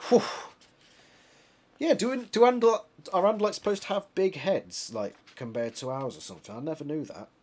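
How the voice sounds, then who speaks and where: A man's voice: sits high, normal speed, a little mellow. A British man reading a novel aloud, breaking off into chatty, laughing asides and correcting himself as he goes. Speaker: reader of a book series.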